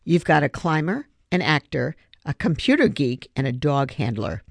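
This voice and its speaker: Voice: medium pitch, very animated, moderate pace, vocal fry, dry recording, studio quality. An audiobook reader voicing a cheerful, mocking schoolboy bully with a big mouth. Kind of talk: audiobook character voice.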